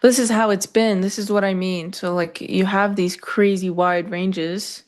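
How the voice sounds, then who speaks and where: A woman's voice: mid-range voice, steady tone. Chatty woman co-hosting a trading stream. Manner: chatty, sarcastic, quick asides. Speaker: co-host. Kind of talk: casual trading chat.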